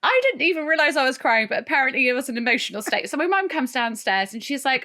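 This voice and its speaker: A woman co-hosting a podcast, telling a funny story in casual chat, animated and often laughing. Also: sits high, fast, few pauses. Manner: animated, laughing, tells stories with voiced asides. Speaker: podcast co-host.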